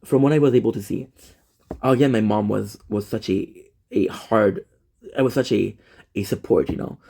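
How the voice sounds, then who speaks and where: A man's voice: lowish voice, moderate pace, gravelly, warm tone. A man in casual personal talk to camera, emotional and repetitive, swearing often. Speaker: vlogger.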